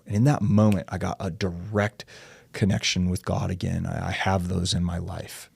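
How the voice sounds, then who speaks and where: Casting: low, gravelly guy, dry close sound, long-winded podcast guest. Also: level tone, normal speed, dry recording. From United States. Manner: long-winded, acts out quoted dialogue, says dude and like. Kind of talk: candid personal storytelling in an interview.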